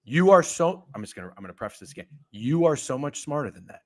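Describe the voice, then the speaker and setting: A man's voice: medium pitch, fast, few pauses. A man hosting a casual sports betting talk show, ranting and swearing. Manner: profane, ranting, animated. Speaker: podcast host.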